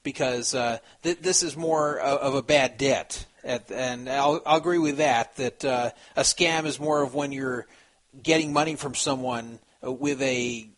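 A man hosting a talk show in a mid-pitched voice. He weighs each point slowly and hesitantly, with frequent fillers as he thinks aloud. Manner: measured, hesitant, many fillers.

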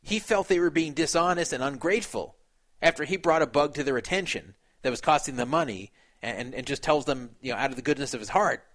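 A man's voice: fairly high pitch, a little fast, a bit bright. A man retelling a poker dispute in a casual, opinionated way. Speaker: poker commentator. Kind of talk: casual commentary.

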